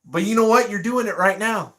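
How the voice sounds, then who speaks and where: A man's voice: sits high, a little fast, sharp tone. A man hosting a casual live stream, reading viewer comments aloud and laughing often. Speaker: livestream host reading chat.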